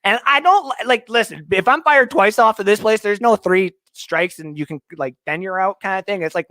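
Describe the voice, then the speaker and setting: Excitable young man hosting a livestream. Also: high-pitched, fairly quick, dry recording, clean studio sound. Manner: rambling, excitable, jokey. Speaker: livestream host. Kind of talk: casual live-stream chat reading comments. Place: home basement.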